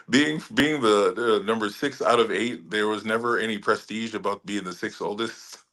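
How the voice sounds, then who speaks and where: Low-voiced man chatting easily in an interview. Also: normal speed. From Hawaii. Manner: relaxed, laughs often, frequent restarts. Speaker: actor guest. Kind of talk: casual interview chat.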